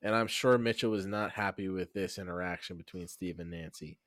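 A man's voice: low voice, brisk, a bit bright, no echo, studio quality. A man from New Jersey co-hosting a casual TV recap podcast, teasing his friends as he recaps scenes. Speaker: podcast co-host.

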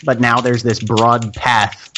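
A man running a tabletop role-playing game, narrating scenes in a descriptive, unhurried way. His voice sits at a middle pitch, and a faint hiss runs under it. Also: level tone, sharp tone. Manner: descriptive, unhurried, with filler pauses. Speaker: game master.

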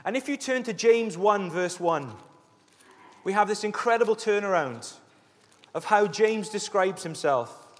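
A man preaching a sermon as a pastor, telling Bible stories in a lively way and acting out the scenes. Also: high voice, unhurried. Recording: echoey hall reverb.

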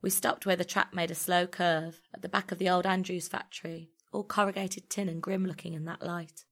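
Woman reading her story out loud, lowish voice, calm and close. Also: brisk. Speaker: narrator. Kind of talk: first-person story reading.

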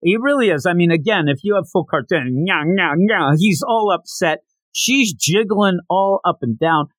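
Lively, animated man recapping a comic. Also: high-pitched, normal speed, no echo, poor audio. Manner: animated storyteller, jokey asides. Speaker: podcast host. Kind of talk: casual manga chapter recap.

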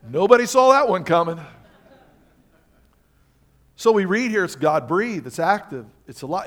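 Male pastor, high pitch, emphatic sermon delivery with pointed questions. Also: animated, moderate pace, pauses often. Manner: emphatic preaching with rhetorical questions.

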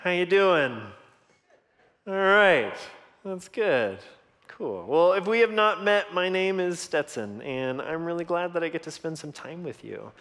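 A man in his thirties gives a sermon in an easy, conversational storytelling manner. His voice sits a little high for a man, and it rings out in a long hall reverb. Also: unhurried. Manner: conversational storytelling, animated in quoted lines. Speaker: pastor.

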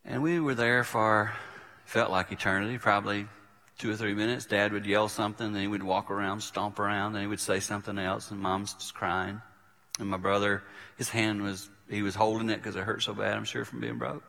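A man's voice: lowish voice, flat delivery, brisk, gravelly, pushed and bright. Older man preaching with a story. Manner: vivid storyteller who acts out quoted voices. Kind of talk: sermon storytelling. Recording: reverberant hall.

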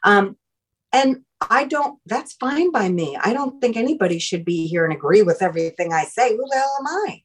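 A middle-aged woman hosting a podcast, chatting casually in an animated, easy-laughing way. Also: mid-range voice, moderate pace, breathy edge. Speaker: podcast host. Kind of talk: casual chat.

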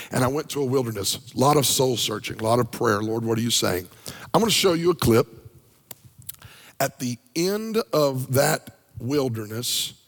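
A middle-aged man, a pastor, preaching a sermon in a church sanctuary in a conversational, emphatic way with a gravelly voice. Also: mid-range voice, in a large hall.

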